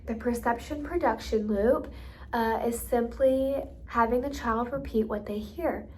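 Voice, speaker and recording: A woman's voice: on the high side, a little slow. Chatty woman explaining a teaching method. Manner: chatty, many fillers like um and you know. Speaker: hearing therapy educator. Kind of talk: instructional explanation with modeled examples.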